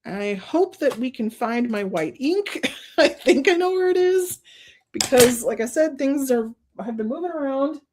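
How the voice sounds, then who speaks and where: A woman with a slightly raised pitch hosts a casual card-making stream. She talks her way through each step, laughing often and gushing openly as she thinks aloud. Her delivery is loose and conversational, full of warm asides. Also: expressive, measured pace, a little hiss or hum. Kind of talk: casual crafting demonstration.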